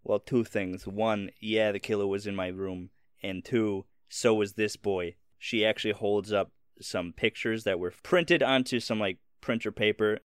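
Smooth-voiced male game master. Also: fairly low pitch, a little slow, few pauses, dry recording, studio quality. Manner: plain, matter-of-fact narration. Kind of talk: narrating a tabletop game.

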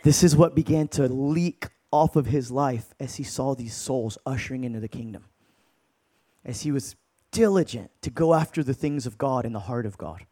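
A man in his thirties preaching a sermon, telling stories in an animated, casual way with slang. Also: mid-range voice, normal speed. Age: 30s.

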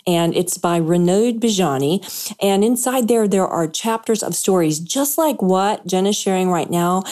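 A woman hosting an interview, speaking directly to the listeners. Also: medium pitch. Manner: warm, addresses listeners directly. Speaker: podcast host.

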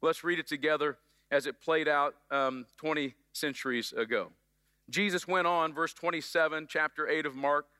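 A man's voice: a little high, normal speed, bright, forceful tone, clean tone, long reverb tail. A middle-aged man preaching a sermon as pastor, upbeat and joking with the congregation in a church. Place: church sanctuary.

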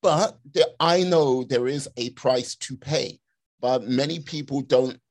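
A man's voice: medium pitch, takes it slowly. A man hosting a podcast, talking casually and rambling with lots of fillers about discipline.

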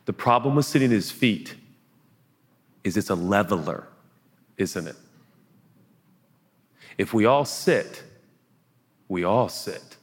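A pastor preaching a sermon in an earnest, conversational way, now and then dropping to a hush. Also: male voice, lowish voice, animated, slow, long pauses, slightly rough, in a large hall. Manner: earnest, conversational preaching with sudden hushed asides. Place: large auditorium.

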